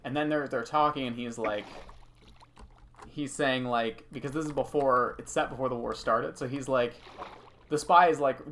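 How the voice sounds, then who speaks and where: A man's voice: mid-range voice, steady tone, normal speed, fairly bright tone, slight background noise. Man rambling through a story on stream. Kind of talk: casual chat while gaming.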